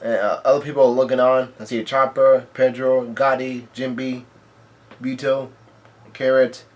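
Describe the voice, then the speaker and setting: This manga commentator speaks unhurriedly in a flat, medium-pitched, slightly mellow voice, and the audio is dull. He reads through a comic chapter casually, tossing in remarks and voicing the dialogue just as plainly and evenly.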